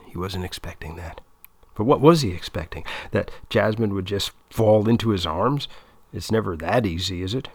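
A man reads a story aloud in a dramatic, wry way. His voice is low and gravelly, and the sound is dry and close. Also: no room sound. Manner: wry, ironic. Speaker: narrator.

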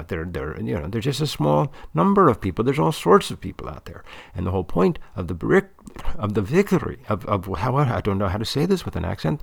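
A man's voice: mid-range voice, vocal fry. A man who works as a debate coach rambles comically, repeating himself and restarting sentences. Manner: rambling, repetitive, full of restarts.

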